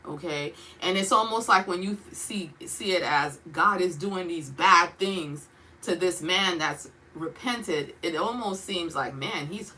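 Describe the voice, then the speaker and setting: Bright-voiced woman teaching the Bible casually. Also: on the low side, unhurried, a little hiss or hum, low-quality recording. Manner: conversational, questioning, checks in with frequent "okay?".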